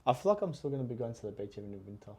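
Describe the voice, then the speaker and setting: A man's voice: medium pitch, big pitch swings, rapid-fire, warm tone, breathy edge. A young man co-hosting a podcast, chatting casually with laid-back, jokey banter. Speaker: podcast co-host. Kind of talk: casual chat.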